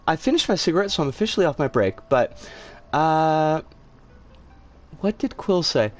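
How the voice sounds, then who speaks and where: Animated, giggly streamer chatting with viewers. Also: medium pitch, moderate pace. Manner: chatty, giggly, swears when frustrated. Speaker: livestreamer reading chat. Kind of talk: casual stream chatter while gaming.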